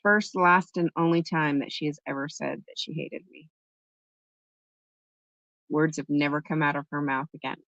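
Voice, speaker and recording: A woman's voice: deep voice, steady tone, moderate pace, long pauses, fairly bright tone, no room sound. A woman hosting a live stream, chatting with viewers and telling a story in a casual, talkative way. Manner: chatty storytelling, answering chat. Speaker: livestream host. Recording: dull lo-fi, dry sound.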